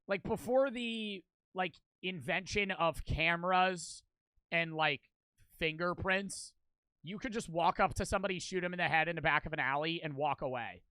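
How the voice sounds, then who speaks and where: A man hosting a reaction video, talking in a rambling, excitable way and often laughing. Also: fairly high pitch, normal speed, clear, resonant tone, no echo. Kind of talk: casual reaction commentary.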